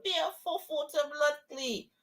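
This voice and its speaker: A young woman, giving excitable, slang-heavy live commentary on a fight and shouting often. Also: sits high, normal speed. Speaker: watch-along streamer.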